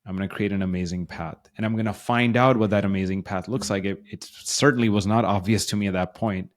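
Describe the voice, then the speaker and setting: A man's voice: lowish voice, steady tone, fast. A man co-hosting a podcast who works as a coach, giving encouraging, motivational advice in a casual conversation. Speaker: podcast co-host and life coach.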